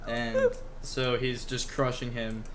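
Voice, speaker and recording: A man's voice: medium pitch, huge pitch swings, slow pace, slight background noise. A man co-hosting a casual podcast among friends, telling a meandering story and swearing casually. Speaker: podcast co-host.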